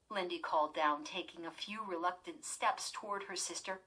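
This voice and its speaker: A woman reading a horror story aloud as an audiobook narrator, slow and dramatic. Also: fairly low pitch, bright, forceful tone, rough recording.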